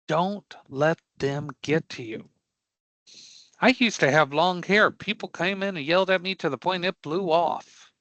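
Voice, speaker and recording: A man's voice: on the high side, unhurried, fairly bright tone, no room sound, rough recording. A man teaching a live online career prep class, speaking emphatically and bluntly, often stopping to ask the class if they follow. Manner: emphatic, checks in with frequent rhetorical questions; blunt and dismissive of angry customers.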